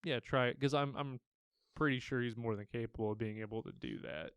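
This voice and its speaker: Smooth-voiced young man, casual podcast chat. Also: medium pitch, fairly quick, no room sound. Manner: relaxed, rambling retelling with fillers. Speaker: podcast co-host.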